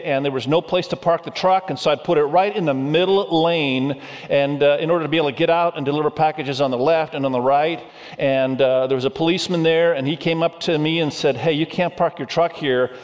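A middle-aged male pastor giving a sermon, telling a humorous story and asking the congregation questions. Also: fairly high pitch. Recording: reverberant hall sound.

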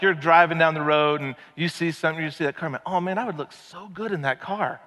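Casual preacher man in a reverberant hall. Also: a little high. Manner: casual, animated, keeps asking the audience rhetorical questions. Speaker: pastor. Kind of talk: conversational sermon. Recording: long reverb of a large hall.

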